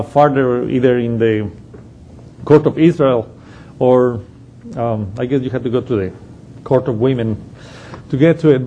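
A man's voice: medium pitch, warm tone, highs cut off, slight background noise. A man giving an unscripted Bible study lesson, explaining a passage step by step and thinking aloud as he goes. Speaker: Bible teacher.

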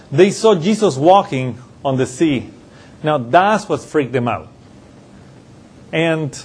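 Husky man teaching a sermon. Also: fairly high pitch, a little mellow. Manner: conversational with frequent restarts and chuckles. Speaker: pastor.

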